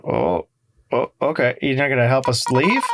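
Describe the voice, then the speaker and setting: A man's voice: medium pitch, big pitch swings, moderate pace. Joking man commenting on gameplay. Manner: joking, storytelling, swears casually. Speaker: let's play host. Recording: loud game music behind.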